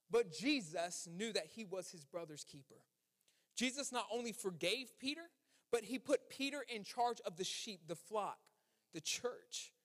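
A pastor preaching a sermon, building to emphatic peaks and falling to hushed endings. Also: male voice, high voice, animated, moderate pace. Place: church sanctuary. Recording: long reverb of a church hall.

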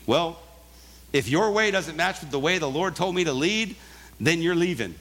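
A man's voice: on the high side, expressive, moderate pace, fairly bright tone. A male pastor giving a sermon, earnest and conversational with emphatic turns.

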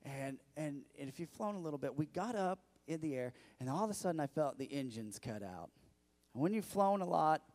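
A middle-aged male pastor delivers a sermon, sharing a personal story conversationally and addressing the congregation directly. His voice is fairly high and darkish in tone, animated and fairly quick, with a long reverb tail.

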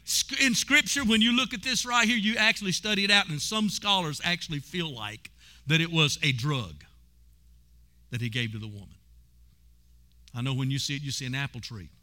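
High bright preacher guy, punchy and intense, calls on the church to answer back. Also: normal speed. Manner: preaching with call-and-response, rising to shouts. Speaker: pastor. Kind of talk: sermon.

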